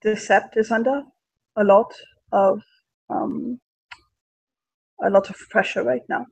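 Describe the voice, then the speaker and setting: A man playing a tabletop role-playing game, speaking in character with an earnest, halting delivery. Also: fairly even intonation, vocal fry, breathy edge, dry recording, rough recording. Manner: earnest, halting pitch with fillers. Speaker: player.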